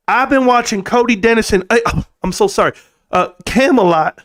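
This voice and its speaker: A middle-aged man hosting a casual livestream, joking, laughing and swearing, then settling into a quieter tone to tell personal stories. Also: high-pitched, lively intonation, moderate pace. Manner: goofy, laughing, swearing, bursts of put-on voices. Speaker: livestream host.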